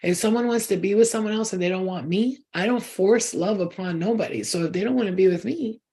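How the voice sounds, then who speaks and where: A woman's voice: mid-range voice, fairly quick, dark tone, breathy edge. A woman hosting a spiritual channel, talking in a casual, rambling monologue that is blunt, profane and emphatic.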